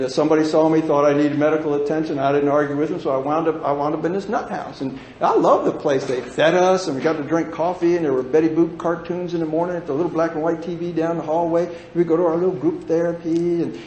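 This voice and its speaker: A man's voice: fairly high pitch, steady tone, fairly quick, hardly any pauses, a little mellow, a little hiss or hum. A man in his sixties, plain-spoken and folksy, telling his recovery story to a meeting and livening up when he jokes. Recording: echoey room with faint ambience.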